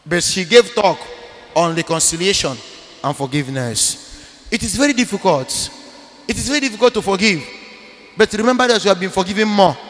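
Male priest, sermon; forceful, bright tone, insistent repetition, reverberant hall sound. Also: high voice. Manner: emphatic preaching with sudden loud bursts; repeats phrases for emphasis. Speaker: Catholic priest.

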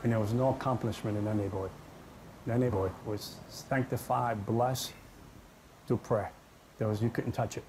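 A man's voice: fairly low pitch, steady tone, normal speed, long pauses, a little mellow, a little hiss or hum. Earnest man telling his testimony. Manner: earnest, dramatic storytelling. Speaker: testimony speaker. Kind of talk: personal testimony. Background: music.

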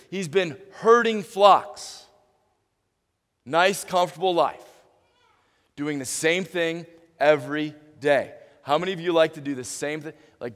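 A man preaching a sermon as pastor, animated, stumbling and restarting often, and acting out little dialogues. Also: on the high side, a little slow. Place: church sanctuary. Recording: reverberant church hall.

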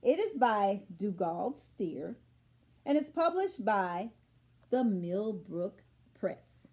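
A children's librarian reading a picture book aloud to children with animated storytelling. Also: female voice, mid-range voice, takes it slowly, slightly rough. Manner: animated storytelling with sound effects.

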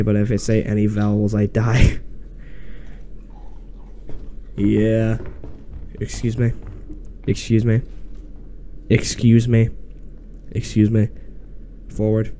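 A man's voice: on the low side, mellow, a little hiss or hum. A man chatting casually while playing a game, repeating short voice commands over and over and swearing in frustration when they fail. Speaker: gamer. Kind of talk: casual gameplay chat.

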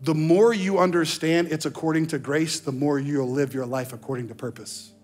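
A man preaching a sermon as pastor, animated, slowing down to stress key phrases and slipping into mock voices. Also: on the high side, soft background music. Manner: slows down for emphasis on key phrases. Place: church sanctuary.

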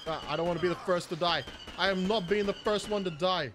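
A man giving excitable, panicky running commentary while he plays a shooter game. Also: high voice, fast, over music. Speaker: gaming channel host. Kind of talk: gameplay commentary.

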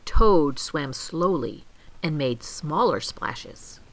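An older woman reading a children's story aloud, gentle and expressive. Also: deep voice, drawn-out words, low-quality recording. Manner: gentle, expressive, clearly paced.

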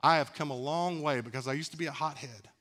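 A man's voice: on the high side, fast talker, a bit bright. A man preaching a sermon as pastor in a church, talking candidly and conversationally, laughing at himself. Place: church sanctuary.

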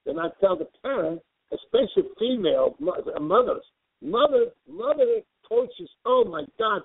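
A man's voice: sits high, lively intonation, normal speed, slightly rough, no echo. Older male coach, blunt storyteller, dry tinny phone-like sound. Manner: blunt, repetitive, quoting himself. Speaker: tennis coach, guest. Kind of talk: storytelling interview.

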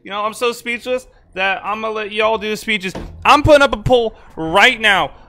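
A man's voice: sits high, normal speed, pushed and bright, a little hiss or hum. A young man live-streaming in a casual, rambling way, exasperated and stammering through restarts as he talks to his chat.

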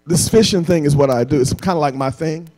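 A man voicing a blunt, weary fisherman, speaking low in a frustrated mutter. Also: brisk, darkish tone, natural voice.

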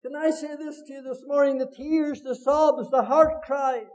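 High-pitched Northern Irish preacher. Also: male voice, steady tone, normal speed, hardly any pauses, rough recording. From Northern Ireland. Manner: impassioned preaching, swings between loud cries and hushed low lines. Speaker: pastor. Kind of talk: sermon. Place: church meeting hall.

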